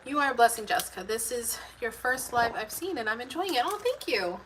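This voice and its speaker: A woman's voice: a little high, sing-song, fairly quick, recorded from a distance, low-quality recording. A woman hosting a live cooking stream from her home kitchen, rambling casually to viewers and reading their comments aloud. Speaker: homemaking channel host. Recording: loud background noise in a home kitchen.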